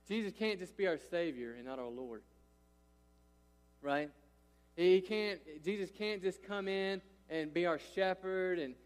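A man in his thirties preaching a sermon as a pastor, emphatic and often checking in with listeners. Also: sits high. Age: 30s. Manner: emphatic, repeats "right?" and "listen" to engage listeners. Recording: long hall reverb.

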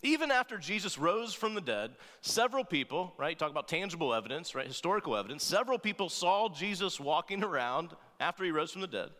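A man preaching with a fairly high, bright, forceful voice. He keeps it conversational, tossing in quick "right?" check-ins and playful asides. His voice rings out with the long reverb of a large hall. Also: very animated. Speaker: pastor. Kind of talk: sermon.

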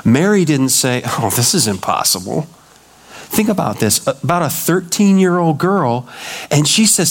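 Animated higher-voiced male pastor. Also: a little slow, husky. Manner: animated storytelling, acting out quoted voices. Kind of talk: sermon.

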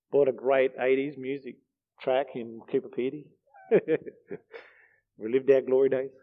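A man's voice: mid-range voice, steady tone, slow, pauses often. A man preaching a heartfelt, earnest sermon. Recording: dull lo-fi recording.

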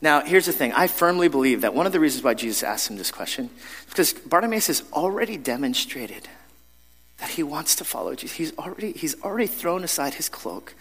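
A pastor preaches a sermon in a conversational, self-deprecating storytelling style, often restarting his sentences. His fairly high, slightly bright, husky voice swings widely in pitch and moves at a brisk pace. The sound carries the long reverb of a large hall.

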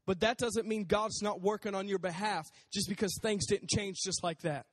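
A man preaching a casual sermon in a conversational, animated way, acting out voices as he talks. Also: high voice, moderate pace, big-room sound.

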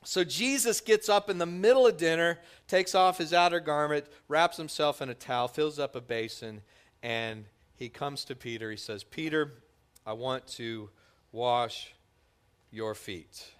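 A man preaching a sermon, telling the story with lively voices for its characters. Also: on the high side, moderate pace, smooth. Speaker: pastor.

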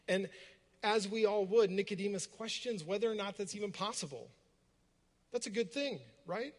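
A man's voice: high-pitched, normal speed, big-room sound. A man preaching a sermon to a congregation, retelling a story in a reflective way and asking many rhetorical questions. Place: room with a gathered congregation.

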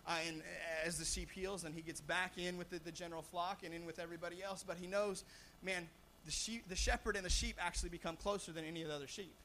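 A young man preaching a sermon as pastor, animated, with frequent restarts and repeated words, swelling loud on his points. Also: high-pitched, fast talker, few pauses, slight background noise.

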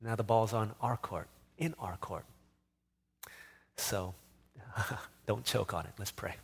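A middle-aged man preaching a sermon as pastor, moving between animated, louder exhortation and quiet, softer storytelling. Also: lowish voice, slow pace, creaky, husky.

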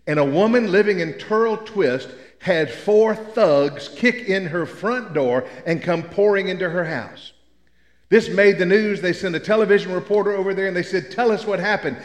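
A man's voice: sits high, normal speed. An older man from Memphis, preaching a sermon with folksy, humorous storytelling. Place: church sanctuary. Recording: echoey church hall.

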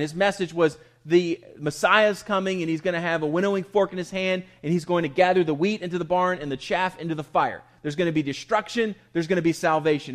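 A man with a fairly high voice preaches from the pulpit. He talks conversationally but turns emphatic, asking questions and then answering them himself. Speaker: pastor. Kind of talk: sermon.

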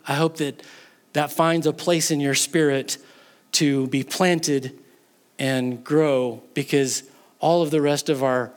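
A man preaching a sermon in church as pastor, earnest, mixing jokes into his teaching and rising in volume for emphasis. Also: mid-range voice. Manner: earnest preaching with joking asides, swells louder in emphasis. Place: church sanctuary.

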